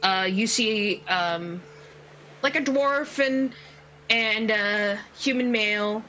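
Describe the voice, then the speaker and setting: A woman narrating a tabletop game as game master, unhurried, with many fillers and restarts. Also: mid-range voice, pushed and bright, a little hiss or hum, poor audio.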